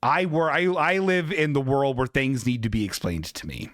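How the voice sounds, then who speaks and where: A man's voice: medium pitch, moderate pace, a bit bright, no echo. Man, casual comedic stream host, sarcastic profane rants, dry close sound. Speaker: podcast and livestream host. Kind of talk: casual comedic chat reading viewer submissions.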